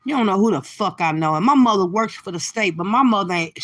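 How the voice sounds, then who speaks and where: A middle-aged woman doing profane, brash reaction commentary from her car, cursing and laughing through loud rants. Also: mid-range voice, animated, quick pace. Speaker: livestream commentator.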